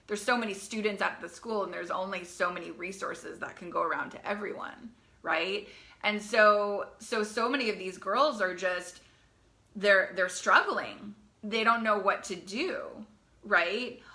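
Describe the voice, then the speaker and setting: A young woman coaching teen girls, talking in a live video to parents in a fast, chatty way, often repeating herself and asking "right?". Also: mid-range voice, sharp tone.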